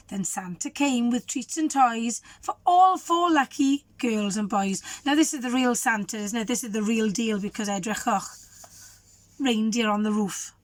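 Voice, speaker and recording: A woman teacher, a little croaky, reading a children's storybook aloud and asking the listeners questions. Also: on the high side, no echo. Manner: warm, asks the children questions. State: hoarse.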